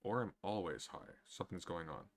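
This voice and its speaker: Very deep-voiced man, dry and sardonic. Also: lively intonation, brisk, gravelly. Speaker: streamer answering chat questions. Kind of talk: casual livestream chat.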